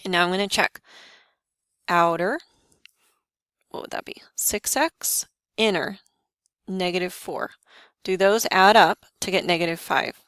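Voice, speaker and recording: A woman teaching a math lesson, talking students through each step with quick questions to the class. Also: on the low side, a bit bright, clean tone, no echo. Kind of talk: lesson walkthrough.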